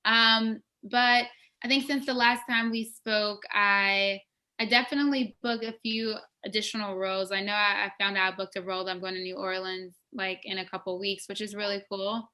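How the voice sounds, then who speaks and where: A woman's voice: mid-range voice, steady tone, moderate pace, sharp tone. A woman actress from West Africa, telling stories from her career in a casual, enthusiastic interview. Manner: enthusiastic, storytelling, restarts often.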